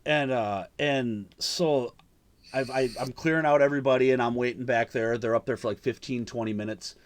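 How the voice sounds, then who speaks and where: A man's voice: medium pitch, normal speed. A man hosting a podcast, telling a story in casual chat over a remote call, swearing often and rambling with fillers and restarts. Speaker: podcast host.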